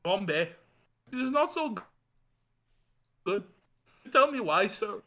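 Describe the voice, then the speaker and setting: A man's voice: high voice, animated, unhurried, sharp tone, exaggerated voice. A man voicing a pestering Indian tech-support man, with an Indian accent and a pleading, repetitive singsong. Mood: wheedling. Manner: repeats "sir" in a pleading singsong. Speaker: podcast co-host.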